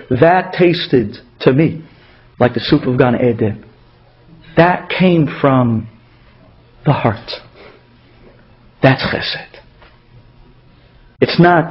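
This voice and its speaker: A man with a high voice delivers a religious talk through stories. He animates the people in his tales as he goes, and the recording is dull and lo-fi. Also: a little slow, pauses often. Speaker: inspirational speaker.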